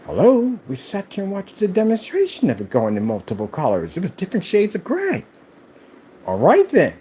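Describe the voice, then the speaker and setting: A man's voice: high-pitched, huge pitch swings, fairly quick, dark tone, slight background noise. A man who owns a screen paint company, ranting casually on a livestream and firing off rhetorical questions.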